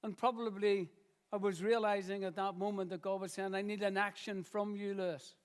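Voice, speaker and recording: A man with a high voice preaching in church. He speaks earnestly and stretches out key phrases with slow pauses, repeating them for emphasis. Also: level tone, clear, resonant tone. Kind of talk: sermon.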